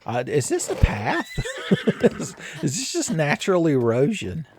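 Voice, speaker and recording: A man's voice: fairly high pitch, huge pitch swings, unhurried, background noise. A man hosting a let's play, rambling through casual game commentary with jokey, crude humor.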